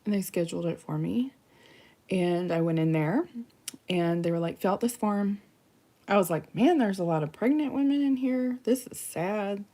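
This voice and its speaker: This is a woman in her forties sharing a painful personal story on camera. Her voice sits slightly low, and she speaks in a halting, soft way, pausing and trailing off, at times almost whispering. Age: 40s. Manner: halting and soft, often dropping to a near whisper. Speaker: vlogger.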